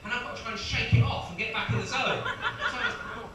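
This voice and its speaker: A man's voice: extremely high pitch, steady tone, fast talker. A man in his thirties doing live stand-up with crowd work, chatty and self-mocking, often breaking into laughter. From England. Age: 30s. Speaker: stand-up comedian. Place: small comedy club, live audience. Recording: echoey room from far off, noisy.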